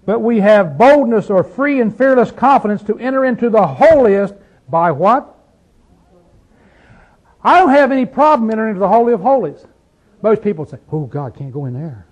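A man teaches Bible study like a sermon, fervently firing rhetorical questions and dropping from loud to hushed. His voice sits high with lively intonation at normal speed, though the audio is dull.

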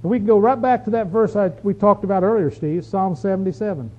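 A man's voice: high-pitched, fast talker, mellow. A man preaching a sermon in a folksy manner, reading scripture aloud with emphasis. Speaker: pastor. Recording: dull lo-fi recording.

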